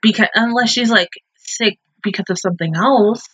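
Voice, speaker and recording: A woman's voice: medium pitch, normal speed, fairly bright tone, husky, no echo, rough recording. A woman giving casual, emotional commentary as she reacts to an anime episode, exclaiming, slangy and swearing freely.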